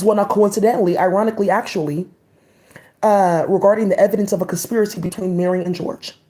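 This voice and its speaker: Mellow-voiced woman reading old cases aloud. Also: medium pitch. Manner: reads a passage, then reacts in loose slangy asides. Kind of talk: reading aloud with casual commentary.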